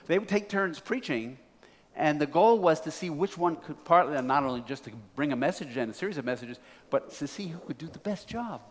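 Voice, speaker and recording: A man preaching a sermon, telling a folksy story to a congregation. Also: on the high side. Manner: folksy, building to excited. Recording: reverberant hall.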